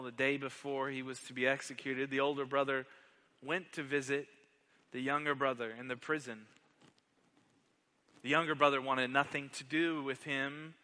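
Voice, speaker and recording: A man's voice: medium pitch, bright, forceful tone, long reverb tail. A man preaching a sermon as pastor, telling a parable dramatically and building to emphatic questions.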